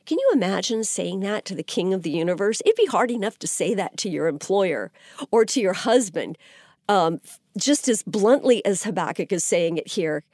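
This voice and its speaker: A woman teaches the Bible on a podcast in an earnest, steady voice at a middling pitch. She lifts her voice when she voices a prophet's desperate questions. The sound is close and dry, with no room around it. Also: moderate pace, no echo.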